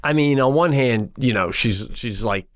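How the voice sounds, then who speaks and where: A middle-aged man co-hosting a podcast, telling a story in a casual, animated way and acting out his own exasperated lines. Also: mid-range voice, normal speed. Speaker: podcast co-host.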